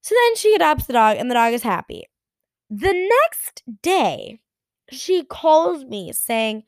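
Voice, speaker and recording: A woman in her twenties telling a story in an animated, exasperated way. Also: high voice, slow, no room sound. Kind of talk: storytime vlog.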